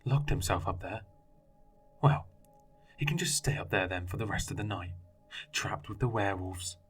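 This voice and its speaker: A man reads a cold foster mother in a horror story, in a low, plain voice. She sounds eager and sneering. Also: moderate pace, slightly rough, far from the mic, faint music behind. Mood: scornful. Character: cold, scornful foster mother, adult woman.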